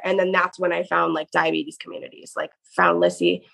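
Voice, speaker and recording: A woman's voice: fairly low pitch, level tone, brisk, creaky, hardly any pauses, fairly bright tone, rough recording. A woman guest telling her story in a casual, chatty way, full of "like" fillers. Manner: chatty, peppered with "like". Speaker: podcast guest.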